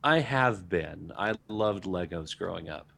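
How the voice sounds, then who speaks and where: A man's voice: deep voice, expressive, measured pace, creaky, fairly bright tone. A man co-hosting a casual podcast, chiming in with short, supportive replies. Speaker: podcast co-host.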